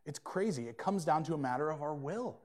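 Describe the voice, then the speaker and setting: A young adult man delivers a sermon as pastor. His slightly higher voice turns earnest and emphatic, rising loud on key points and dropping soft for quieter asides. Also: animated, brisk. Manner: earnest, emphatic preaching with wide swings in loudness.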